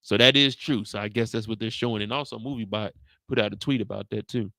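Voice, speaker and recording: A man's voice: on the low side, fairly even intonation, fast talker, gravelly, sharp tone, no room sound. A man hosting a casual, profane recap and reaction to a TV episode, telling it as a comic story. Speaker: host.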